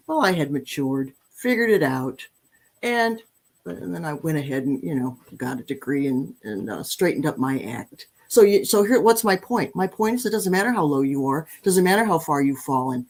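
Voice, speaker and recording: A woman in her sixties, a podcast guest who tells lively, self-deprecating stories and often restarts her sentences. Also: on the low side, moderate pace. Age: 60s. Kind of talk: storytelling in conversation.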